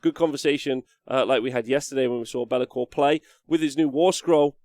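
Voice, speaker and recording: Male commentator, relaxed and chatty, dry studio sound. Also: medium pitch, fairly quick, no echo. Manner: casual, chatty, many fillers. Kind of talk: live tabletop game commentary.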